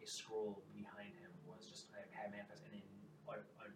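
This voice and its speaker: A man's voice: lowish voice, completely flat delivery, moderate pace, background noise. A man narrating as game master in a tabletop game, telling the story with casual asides. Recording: roomy, distant mic, loud background ambience.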